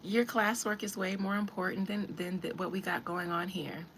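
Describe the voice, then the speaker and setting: A woman's voice: mid-range voice, fairly even intonation, normal speed, fairly bright tone, slight background noise. Emphatic woman holding forth on a podcast. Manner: emphatic, preachy, addresses listeners directly. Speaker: podcast host. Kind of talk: casual commentary.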